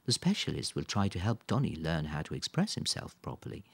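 A man's voice: sits low, huge pitch swings, fairly quick, gravelly, slightly rough, full character voice. A man reading aloud, voicing a kind middle-aged mother who explains things patiently. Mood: explaining. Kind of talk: audiobook character voice.

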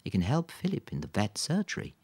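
A man's voice: fairly low pitch, huge pitch swings, brisk, a little mellow, breathy edge, pitched above the performer's own voice, full character voice. A man reading aloud, voicing a kind middle-aged mother who explains things patiently. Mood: pleased. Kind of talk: audiobook character voice.

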